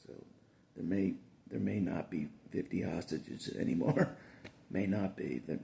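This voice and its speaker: Gravelly low-voiced man, chuckling constantly. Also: unhurried, warm tone. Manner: chuckles through nearly every sentence; repeats phrases, restarts often. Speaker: vlogger. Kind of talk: casual rambling monologue.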